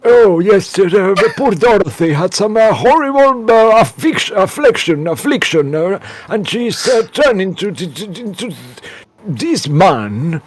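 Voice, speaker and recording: A man's voice: sits high, big pitch swings, unhurried, no echo, faint music behind, heavily acted. A man putting on a flustered, gushing halfling. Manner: gushing, flustered, stumbling over words. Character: excitable fussy male halfling host.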